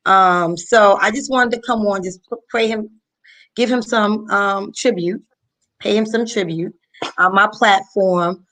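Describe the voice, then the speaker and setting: Soft-spoken woman hosting a live chat. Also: medium pitch, unhurried. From Paterson, New Jersey, US. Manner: soft-spoken, many ums, heartfelt. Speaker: host of a live online talk. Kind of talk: casual live-stream chat. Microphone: video call.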